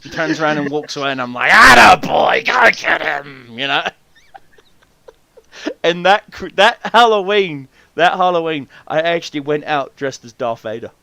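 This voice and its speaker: A man hosting a podcast, telling an animated story full of swearing and acted-out voices. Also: fairly high pitch, moderate pace, clean tone, dry recording. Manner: swears freely, animated, acts out quoted voices. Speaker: podcast host. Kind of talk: casual storytelling chat.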